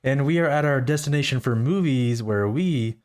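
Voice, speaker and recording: A man's voice: medium pitch, normal speed, darkish tone. A man co-hosting a podcast in casual chat, easygoing and thinking aloud as he goes. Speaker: podcast co-host.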